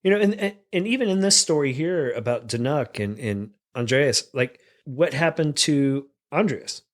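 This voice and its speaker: A man's voice: medium pitch, normal speed. A man co-hosting a podcast in casual, jokey chat. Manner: jokey, animated. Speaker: podcast co-host.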